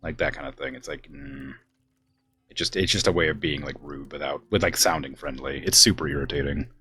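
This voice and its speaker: A man's voice: very deep voice, steady tone, fairly quick, pushed and bright, husky. A man from the US West Coast streaming a game, chatting casually and rambling with lots of fillers. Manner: rambling, filler-heavy, exasperated about family. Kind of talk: casual chat while gaming.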